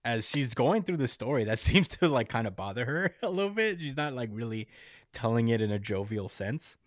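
A man in casual chat, recapping a story and acting out the characters' lines in quick voices, laughing often. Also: medium pitch, big pitch swings, no echo, clean studio sound. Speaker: podcast co-host recapping a manga chapter.

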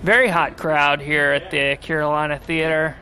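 A man hosting a casual comedy podcast from a basement, easygoing and quick to laugh. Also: a little high, little pitch movement, crowd noise. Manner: easygoing, laughs often, stumbling restarts. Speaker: podcast host. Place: basement studio.

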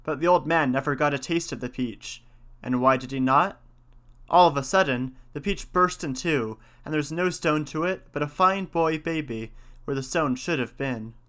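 A man's voice: a little high, normal speed, fairly bright tone. A man narrating an old folk tale in a folksy, old-fashioned storybook manner.

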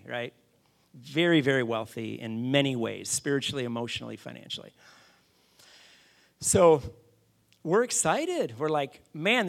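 Male pastor, middle-aged, gravelly, animated self-mocking sermon storyteller. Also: mid-range voice. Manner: animated, self-deprecating, speaks to the congregation.

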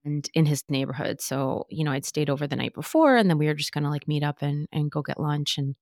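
A woman's voice: sits low, little pitch movement, fast, darkish tone, no room sound, clean studio sound. A woman hosting a podcast, telling a personal story candidly, with many fillers and restarts. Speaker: podcast host. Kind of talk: casual chat.

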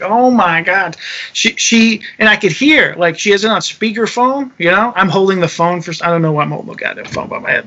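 A young man casually telling a travel story, animated and swearing freely while acting out the quotes. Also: high voice, lo-fi sound. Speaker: touring musician telling a story.

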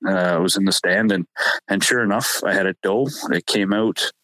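A man's voice: low voice, steady tone, normal speed, sharp tone, dry recording, rough recording. A man casually telling a long hunting story on a talk show, rambling and correcting himself as he goes.

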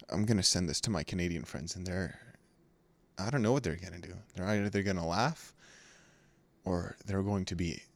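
Low-voiced Californian man bantering. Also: dry recording. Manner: rambling, jokey, laughs easily. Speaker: podcast co-host. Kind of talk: casual podcast banter.

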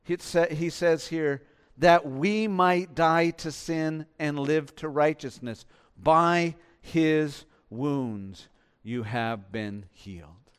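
A male pastor preaches with a fairly high, smooth, ringing voice. He leans on emphasis and keeps putting questions to his congregation. His words carry a long reverb off the walls of a large hall. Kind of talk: sermon.

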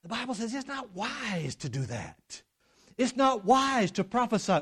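Preacher, middle-aged man, high and wide-ranging delivery, booming then hushed. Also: big pitch swings, a little slow, breathy edge. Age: middle-aged or older. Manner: swings from loud emphatic declarations to low hushed drama. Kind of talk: sermon.

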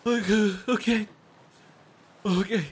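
A man voicing a grieving, hysterical man who lives in the sea, wailing and shouting through sobs in an improvised comedy scene. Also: medium pitch, moderate pace, voice pushed down.

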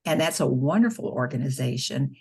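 Woman, middle-aged, low voice, husky, earnest interview storytelling. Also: fairly quick. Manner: earnest, animated retelling of patient stories with quoted dialogue. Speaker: nurse and pro-life spokeswoman.

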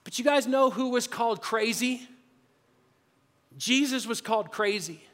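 High-voiced pastor preaching in a reverberant hall. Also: male voice, unhurried. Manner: energetic, conversational preaching, drops to a hushed voice near the end. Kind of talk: sermon. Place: church sanctuary. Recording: long reverb of a large hall.

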